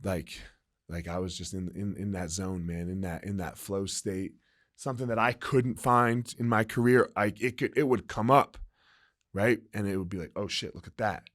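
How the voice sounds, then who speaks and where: A man's voice: fairly low pitch, fairly even intonation, moderate pace. A man in his forties, a former fighter and gym owner, telling stories candidly and emphatically in an interview, swearing freely and often asking "right?". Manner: profane, emphatic, frequent "right?" and "like".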